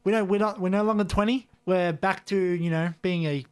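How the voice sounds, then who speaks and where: Fast young man, joking radio co-host, high for a man. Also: fairly even intonation, a little mellow, clear, resonant tone. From Australia. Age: 20s. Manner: joking, quick anecdotes. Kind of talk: casual chat.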